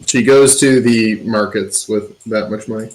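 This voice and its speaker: Relaxed man running a tabletop game. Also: on the low side, unhurried. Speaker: game master.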